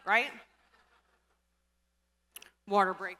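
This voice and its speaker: Bright, chatty woman speaking on a conference stage. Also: mid-range voice, slow pace. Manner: chatty, animated storytelling with filler "like" and "you know". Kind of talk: storytelling keynote speech. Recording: large hall with long reverb.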